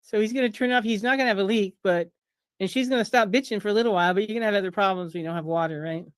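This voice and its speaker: Rapid-fire and chatty, this pharmacist and author in her fifties presents slides casually over a video call at a streamed fundraiser. She mocks the system sarcastically and acts out quotes in a higher pitch. The sound is dry and clean, studio-grade.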